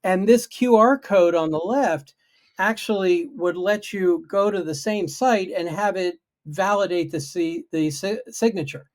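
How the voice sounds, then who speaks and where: A man's voice: high-pitched, unhurried. A man chatting casually on a video-call livestream, explaining his project in a self-deprecating way. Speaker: guest programmer.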